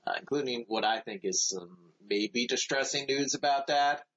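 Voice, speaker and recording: Male podcast co-host, casual and rambling, mid-pitched, somewhat muffled recording. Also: normal speed, fairly bright tone. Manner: rambling, filler-heavy. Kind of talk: casual chat. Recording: slightly dull lo-fi audio.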